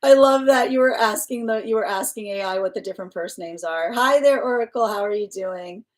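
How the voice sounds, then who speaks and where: A woman's voice: mid-range voice, fairly quick. A woman tarot reader chatting casually with viewers on a live stream, giggling often and filling her talk with "like" and restarts.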